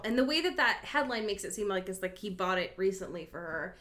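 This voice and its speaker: A woman co-hosting a casual chat podcast, expressive and given to exasperated quips. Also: mid-range voice, fast, hardly any pauses. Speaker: podcast co-host.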